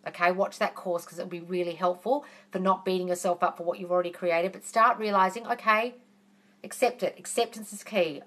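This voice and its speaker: Here a manifesting coach with a mid-range, fairly bright voice takes questions on a live stream. She replies warmly and conversationally, calling each viewer darling.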